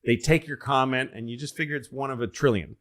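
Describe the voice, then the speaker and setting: A man's voice: mid-range voice, fast, fairly bright tone. A middle-aged man from Massachusetts spins rambling anecdotes as a guest on a casual podcast. He slips into the voices of the people in his stories and then drops back into his easygoing chat.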